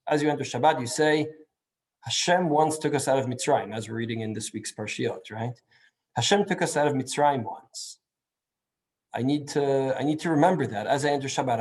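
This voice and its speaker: A man's voice: medium pitch, a little mellow. A man giving a Torah class, thinking aloud with frequent restarts and asking "right?" to check in with his listeners. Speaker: Torah teacher.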